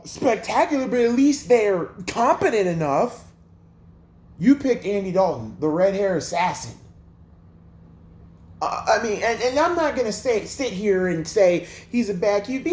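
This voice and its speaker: A man's voice: high voice, echoey room. A man hosting a sports livestream, ranting in an exasperated, profane way with lots of rhetorical questions. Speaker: sports channel host.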